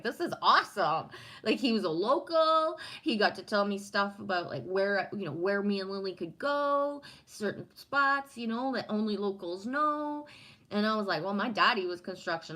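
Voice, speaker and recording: A woman's voice: medium pitch, a bit bright, poor audio. A woman from Canada chatting casually on a livestream, rambling and swearing freely while reading and answering comments. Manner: profane, rambling, talks to chat. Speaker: livestream host.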